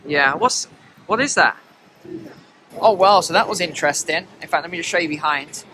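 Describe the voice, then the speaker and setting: Male vlogger, chatty walk-and-talk, bright voice, outdoors in the snow. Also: a little high, moderate pace, slight background noise. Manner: chatty, talks to viewers while walking. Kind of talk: walking travel vlog commentary. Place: outdoors on city streets in snow.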